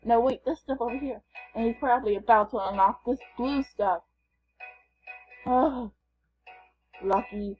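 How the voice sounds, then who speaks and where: Slow, playful woman gamer, lo-fi sound. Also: fairly high pitch, faint music behind. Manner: playful, chatty, thinking aloud. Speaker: gamer vlogger. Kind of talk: casual gameplay commentary.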